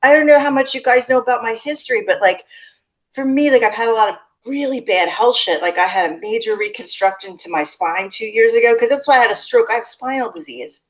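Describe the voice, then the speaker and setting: A woman in her forties tells her story as an interview guest. She talks casually and acts out other people's lines with lively energy. Her voice comes over a video call. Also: on the high side, fairly quick, rough recording. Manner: animated storytelling, acts out quotes. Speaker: podcast guest.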